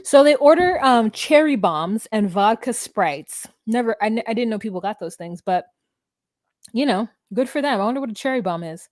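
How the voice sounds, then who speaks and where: A woman co-hosting a podcast, retelling reality show scenes in a relaxed, joking, casual way. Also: on the high side, moderate pace, no room sound, studio quality. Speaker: podcast co-host. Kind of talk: casual recap chat.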